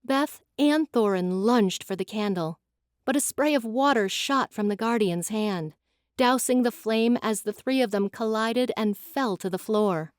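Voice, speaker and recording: A woman giving an expressive, dramatic scripted narration of a fantasy audiobook. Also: fairly high pitch, a little slow, dry recording, studio quality.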